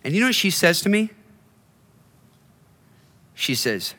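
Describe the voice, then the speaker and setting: A man's voice: high-pitched, very animated, unhurried, long pauses, pushed and bright. A male pastor preaching a sermon in a conversational, storytelling way, often restarting his phrases. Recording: long hall reverb.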